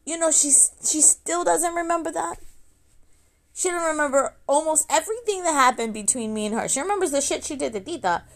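A woman's voice: high-pitched, a little fast. A woman telling a personal story in a raw, blunt, profane way, often restarting and correcting herself. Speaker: adult daughter sharing her story.

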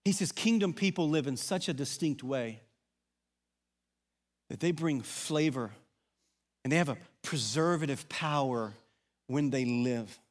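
A man from Arkansas with a Southern accent, preaching a sermon in a conversational style that swings between loud emphasis and quiet asides. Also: medium pitch, a little slow, long pauses. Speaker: pastor. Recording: long reverb of a large hall.

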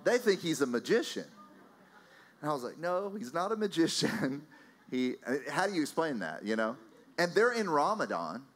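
A man preaching a sermon, telling a personal story in an animated, anecdotal way with frequent fillers and restarts. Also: on the high side, normal speed, long pauses, a little hiss or hum.

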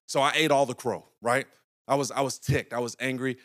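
Speaking quickly in a steady, slightly bright mid-range voice, a young pastor from North Carolina delivers a storytelling sermon. He keeps it conversational and checks in with his listeners often.

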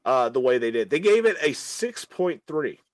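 A man hosting a casual podcast chat, rambling through an animated, opinionated rant with many restarts. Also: medium pitch, moderate pace, no room sound. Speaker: podcast host.

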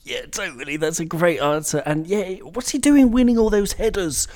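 A man's voice: high-pitched, moderate pace, a little mellow. A man hosting a casual football chat, rambling and drifting off on tangents. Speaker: podcast host. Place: indoors during a storm with traffic outside.

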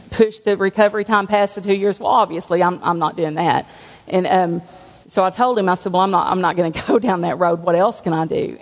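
A woman's voice: mid-range voice, darkish tone, long reverb tail. A woman giving a candid, conversational personal testimony to a church congregation, with self-deprecating humor. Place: church sanctuary.

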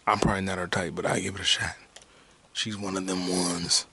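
Male podcast host, low register, loose and profane, rambling casually at home with faint background hiss. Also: level tone, brisk, vocal fry, bright, forceful tone. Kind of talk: casual solo podcast chat. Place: at home with a loud game console nearby.

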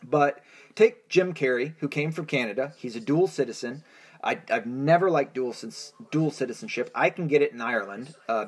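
A man's voice: mid-range voice, breathy edge. An American man hosting his own podcast, talking alone in a rambling, profane monologue full of restarts and fillers. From United States. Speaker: podcast host.

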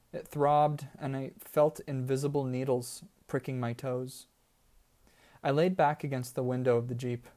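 A man reading a story aloud in a calm, measured way. His pace is slow and deliberate, and his voice is mellow and warm. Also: mid-range voice. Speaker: audiobook narrator. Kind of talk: scripted story narration.

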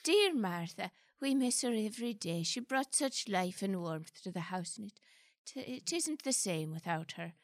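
A woman's voice: medium pitch, animated, moderate pace, no room sound, studio quality, natural voice. Woman playing a rambling old cockroach farmer. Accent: put-on London. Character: grieving old male cockroach farmer, gin-soaked.

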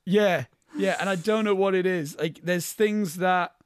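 A man's voice: high-pitched, measured pace, clean tone, no echo, clean studio sound. A man co-hosting a podcast, chatting casually and animatedly about films and cracking jokes. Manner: animated, jokey, slips into film-quote impressions. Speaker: podcast co-host. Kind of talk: casual film chat.

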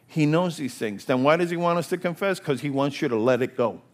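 An older man preaching a sermon, impassioned and repetitive, swinging between hushed whispers and loud, rising exclamations. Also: on the high side, expressive, brisk.

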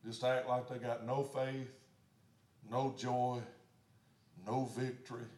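A man pastor preaching a sermon, swinging from shouted declarations down to hushed storytelling. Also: medium pitch, level tone, takes it slowly. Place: church sanctuary. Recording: echoey church sanctuary.

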